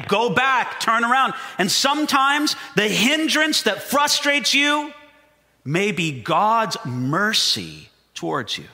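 Animated preacher in a reverberant hall. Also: male voice, high voice. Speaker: pastor. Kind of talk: sermon.

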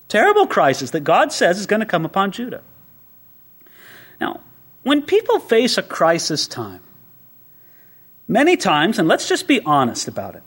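Animated preacher, high and lively. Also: male voice. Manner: animated preaching with playful acted asides. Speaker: pastor. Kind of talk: sermon.

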